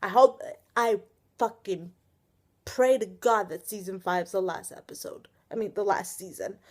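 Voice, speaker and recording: A young woman ranting on a casual vlog, angry and exasperated, sighing often and swearing as she talks. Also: medium pitch. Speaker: vlogger reviewing a TV episode. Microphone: webcam or built-in camera mic.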